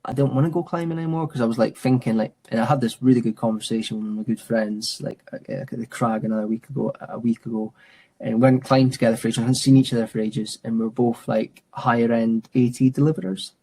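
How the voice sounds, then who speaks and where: Fast-talking and dark-toned, this medium-pitched man keeps his intonation fairly even. The speaker, an outdoor instructor in his thirties who teaches mountain and adventure skills, muses casually in an interview, saying "mate" a lot with restarts and fillers.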